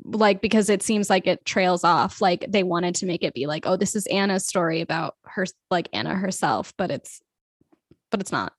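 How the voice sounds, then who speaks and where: A woman's voice: on the low side, moderate pace, slightly rough, dry recording. Giggly woman in casual chat. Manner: laughs easily, rambling and hedging. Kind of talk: casual chat reviewing a TV series.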